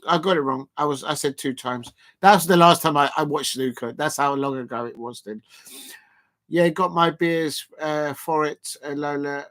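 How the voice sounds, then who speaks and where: A man's voice: a little high, a bit bright. A man hosting a casual live stream, reading out viewer comments and rambling with lots of fillers and restarts.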